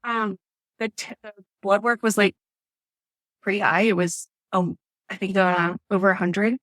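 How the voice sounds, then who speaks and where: A woman's voice: mid-range voice, fairly even intonation, unhurried, fairly bright tone, no room sound. Chatty woman guest, dry close sound. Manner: chatty, with frequent fillers. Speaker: podcast guest, nurse. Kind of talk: casual storytelling interview.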